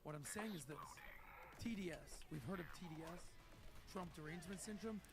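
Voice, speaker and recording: A man's voice: sits high, fairly quick, over music. A man arguing on a podcast, insistent and repeating his points. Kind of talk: argumentative podcast talk.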